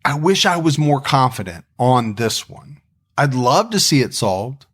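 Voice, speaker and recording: A man co-hosting a podcast at a medium pitch, with nothing unusual about his voice. He talks in a loose, reflective way and often restarts his sentences. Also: very animated, unhurried, a bit bright, slightly rough. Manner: reflective, conversational, frequent restarts. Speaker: podcast co-host. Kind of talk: casual podcast chat.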